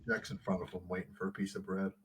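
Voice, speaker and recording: Man player, very low voice, quick offhand talk. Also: little pitch movement. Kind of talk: casual chat.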